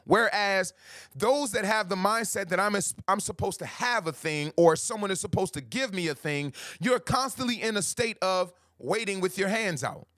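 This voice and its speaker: A man hosting a livestream as a life coach, greeting viewers by name and talking slowly and emphatically, repeating his key phrases. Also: high-pitched, lively intonation, a bit bright, no echo, studio quality. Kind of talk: motivational livestream talk.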